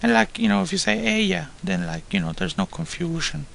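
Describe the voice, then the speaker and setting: Very creaky man answering hesitantly. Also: high voice, brisk, fairly bright tone, slight background noise. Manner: hesitant, working answers out aloud with fillers. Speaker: student on the lesson. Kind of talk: casual spoken lesson.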